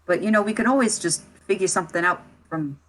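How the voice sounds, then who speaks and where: A woman narrating as game master of a tabletop role-play, halting and full of fillers. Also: medium pitch, a bit bright.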